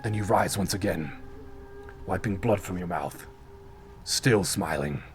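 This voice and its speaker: A man's voice: low-pitched, a little slow, soft background music. A man game master narrating a tabletop fight dramatically, with spoken sound effects and casual swearing.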